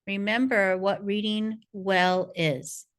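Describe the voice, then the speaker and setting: A woman's voice: medium pitch, fairly even intonation, takes it slowly. A woman narrating a parent workshop as a reading coach, in a patient, encouraging teacher tone. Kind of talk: scripted instructional narration.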